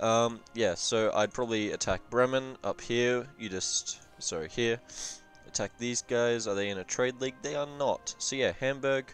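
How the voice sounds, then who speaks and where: A man's voice: mid-range voice, normal speed, faint music behind. A young man casually reviewing a strategy game session, rambling with profane jokes and asides. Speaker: gaming commentator.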